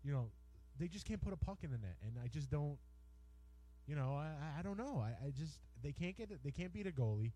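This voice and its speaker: Brief: American male co-host, warm mellow tone, halting hockey talk with lots of restarts. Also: a little high, expressive, low-quality recording. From United States. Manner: hesitant, repeats words, ribs his partner. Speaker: sports radio co-host. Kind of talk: casual bantering sports talk. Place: radio studio.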